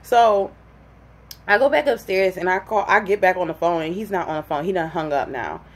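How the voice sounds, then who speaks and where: A woman's voice: lowish voice, fast. A young adult woman casually telling a personal story, acting out the people in it with lots of "like" fillers. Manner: animated, acts out quoted voices, many "like" fillers.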